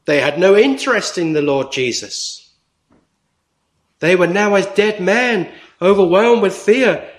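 Slow, high-voiced male preacher. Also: animated. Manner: slow, deliberate preaching with emphatic pauses. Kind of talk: sermon.

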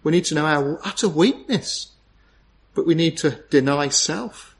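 Brief: male preacher, slightly high voice, earnest and pleading, full of rhetorical questions. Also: lively intonation, measured pace. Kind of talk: sermon.

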